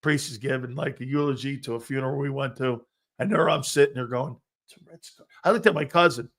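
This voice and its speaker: A man hosting a live sports talk show, loud and jokey, talking straight to his viewers. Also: fairly high pitch. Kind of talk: live-stream sports talk reading chat.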